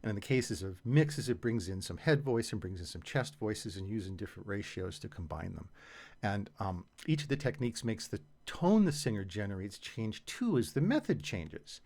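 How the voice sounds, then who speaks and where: A man giving a voice lesson, talking through singing technique in a relaxed, patient way. His pitch moves around a lot as he speaks, and he sounds like he is chatting more than lecturing. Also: moderate pace, vocal fry. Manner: conversational, explains patiently with casual fillers. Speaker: singing teacher. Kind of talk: explanatory voice lesson.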